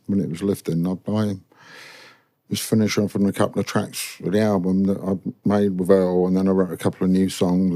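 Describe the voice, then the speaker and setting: Older man, studio interview guest, storytelling, lowish mellow voice, dry close sound. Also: no room sound. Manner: animated anecdotes, mimics voices in stories. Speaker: guest musician.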